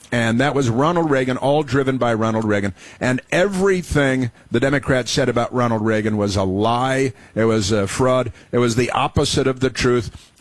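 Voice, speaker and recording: Rambling middle-aged radio talk host. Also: male voice, medium pitch, no room sound. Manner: rambling, chatty, many restarts and fillers.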